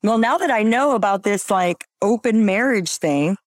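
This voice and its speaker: A woman's voice: mid-range voice, animated, moderate pace, no echo, clean studio sound. A woman hosting a casual chat, chatty and laughing often. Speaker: podcast host.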